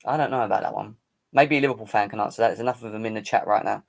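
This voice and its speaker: A man's voice: lowish voice, racing, vocal fry. Boisterous man hosting a fan stream. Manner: boisterous, teasing banter, chanting. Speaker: fan channel live-stream host. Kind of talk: casual live-stream football chat.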